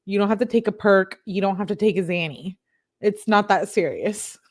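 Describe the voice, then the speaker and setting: A woman's voice: mid-range voice, normal speed, darkish tone. A young woman reading text messages aloud in casual commentary, chatty and giggly, joking between readings. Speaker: true-crime commentator reading texts aloud.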